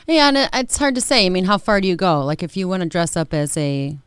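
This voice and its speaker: A chatty woman talks casually on a podcast, her voice low and smooth. She sounds close and dry, with no room around her. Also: quick pace, no echo. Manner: chatty, drops into mimicked accents. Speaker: podcast co-host.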